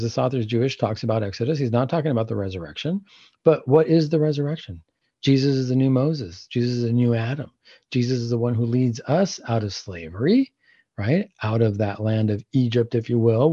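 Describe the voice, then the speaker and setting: A man's voice: mid-range voice, mellow, breathy edge, no room sound, lo-fi sound. A man hosting a Catholic talk show, commenting on news articles and asking rhetorical questions that he then answers himself.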